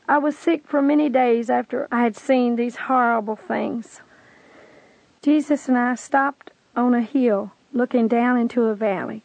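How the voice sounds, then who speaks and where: A woman's voice: fairly high pitch, steady tone, measured pace, creaky, no echo. A woman giving an earnest, impassioned spiritual testimony on a dry lo-fi tape recording.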